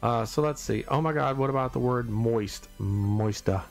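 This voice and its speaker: A man's voice: medium pitch, normal speed, gravelly, soft background music. A man hosting a casual live stream, rambling playfully with his viewers, stumbling over and repeating words, and often breaking into laughter.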